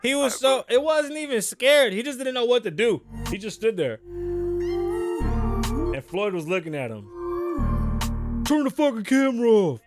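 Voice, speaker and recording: A man in his forties hosting a casual podcast, with profane, animated trash talk. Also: extremely high pitch, normal speed, pauses often, music in the background. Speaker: podcast host.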